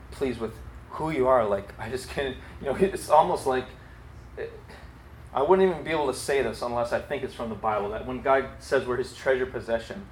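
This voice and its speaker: A man preaching a sermon in a conversational, earnest way, with quick asides. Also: mid-range voice. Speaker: pastor. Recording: echoey hall, faint background noise.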